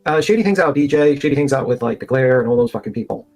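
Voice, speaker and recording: A man rambles on a live stream at a very rapid pace. His pitch sits in the middle range, and he keeps circling back with "I mean" and "you know what I mean.". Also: expressive, a little mellow, soft background music. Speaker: streamer in a played clip.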